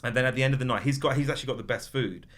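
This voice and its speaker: A man's voice: mid-range voice, very fast. A man chatting casually, rambling through a story with lots of fillers. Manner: rambling, animated storytelling with frequent fillers and laughs. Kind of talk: casual chat.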